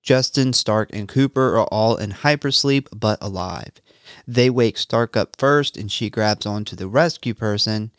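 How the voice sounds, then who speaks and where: A man's voice: fairly low pitch, a little slow, fairly bright tone, dry recording, clean studio sound. A man co-hosting a casual podcast, recapping a movie and reading trivia in a laid-back way with frequent laughs. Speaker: podcast co-host.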